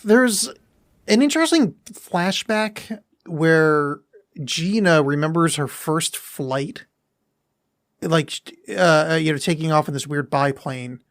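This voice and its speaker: Podcast co-host, man, rambling and jokey, a bit high, dry close sound. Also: animated, slow pace, a bit bright, no echo. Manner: chatty, rambling, laughs often, acts out quotes. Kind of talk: casual chat.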